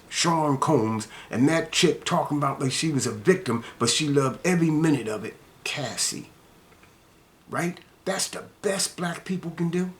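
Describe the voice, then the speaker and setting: An older man delivering an angry, scolding monologue rant, repeating himself and dropping to low mutters between heated outbursts. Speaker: commentator ranting to camera.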